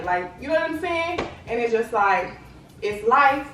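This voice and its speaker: Young woman vlogger, casual and chatty, slightly high voice, echoey room with faint background hum. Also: lively intonation, unhurried, a bit bright. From Lubbock, Texas. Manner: chatty, fills with "like" and "you know what I'm saying". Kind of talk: casual talk to camera. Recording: echoey room, distant mic, faint ambience.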